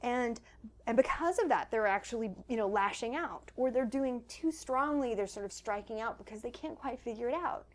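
Woman guest, author, slightly high voice, animated explainer. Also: moderate pace. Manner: animated, acts out quoted children's voices. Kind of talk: conversational interview. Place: home.

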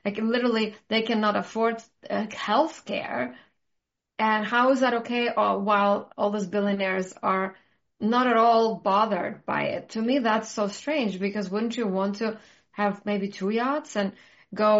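A woman's voice: mid-range voice, fairly even intonation, unhurried. A woman hosting a casual talk, ranting passionately with strong conviction. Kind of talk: casual conversation. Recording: muffled lo-fi audio.

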